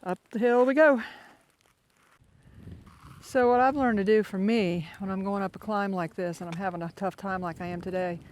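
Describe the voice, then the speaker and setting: A man's voice: high voice, steady tone, moderate pace. Chatty older man hiking a trail. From Florida. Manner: chatty, self-mocking, rambling. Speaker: hiker vlogger. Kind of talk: casual vlog while hiking. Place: outdoors on a foggy mountain trail. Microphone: handheld phone camera.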